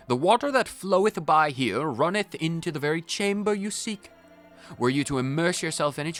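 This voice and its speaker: A man's voice: on the high side, fairly bright tone. A man voicing a pompous fisherman in a video game, speaking in old-fashioned formal phrasing.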